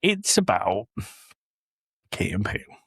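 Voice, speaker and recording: A man's voice: on the low side, slow, vocal fry, husky, dry recording, studio quality. A man from England, a podcast host with a young child, telling stories in casual chat and acting out the quotes. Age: adult with a young child. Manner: animated storyteller, acts out quotes.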